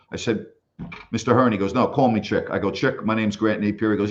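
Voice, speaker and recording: Older guy, ex sports announcer, low voice, acts out quotes while he tells old road stories, kinda muffled audio. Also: quick pace. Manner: animated storyteller who acts out quoted voices. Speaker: interview guest, former basketball broadcaster. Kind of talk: storytelling in a casual interview.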